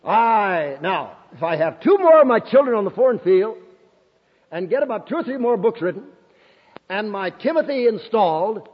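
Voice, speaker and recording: Speaking high with wide pitch swings, a breathy edge, and moderate pace, this older Bible school principal delivers an impassioned testimony sermon. He calls out hallelujah and amen in exclamations and laughs a lot. The recording is old and dull, made in an echoing hall.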